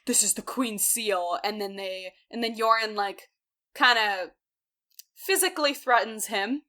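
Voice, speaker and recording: A woman's voice: mid-range voice, measured pace, pushed and bright. A woman co-hosting a podcast, casually recapping a book, laughing often and acting out characters in playful voices. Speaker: podcast co-host. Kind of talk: casual book discussion chat.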